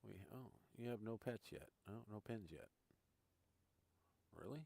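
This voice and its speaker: Gravelly low-voiced man streaming a game. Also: a little slow, warm tone. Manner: chatty, greets viewers, thinks aloud. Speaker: gaming streamer. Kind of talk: casual live-stream commentary.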